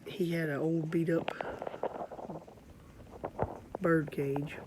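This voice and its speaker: A preacher tells a parable in an earnest, halting way. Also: mid-range voice, little pitch movement, very noisy. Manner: slow, earnest, halting with fillers. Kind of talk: storytelling sermon.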